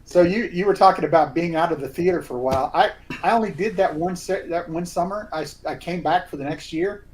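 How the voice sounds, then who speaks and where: A man who acts in community theatre, telling animated anecdotes in a casual chat. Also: on the high side, brisk, slight background noise, rough recording. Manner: animated storyteller, does voices in quotes. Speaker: community theatre actor guest.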